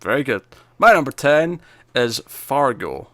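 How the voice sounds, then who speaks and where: A man's voice: mid-range voice, very animated, measured pace, a bit bright, dry recording. A man co-hosting a movie discussion podcast, talking casually and rambling with lots of fillers and restarts. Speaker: co-host of a movie discussion show. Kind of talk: casual chat.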